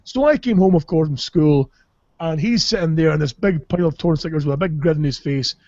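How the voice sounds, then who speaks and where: A man's voice: on the high side, fairly quick, darkish tone, dry recording, highs cut off. A man from Caithness with a Scottish accent, a podcast host telling rambling, sweary comic stories and laughing as he goes. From Caithness, Scotland. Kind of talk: casual comic storytelling.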